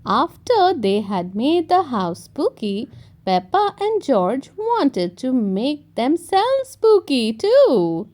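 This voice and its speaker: Slow, high-voiced woman reading a children's story. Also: wildly swooping pitch, darkish tone. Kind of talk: children's story read-aloud.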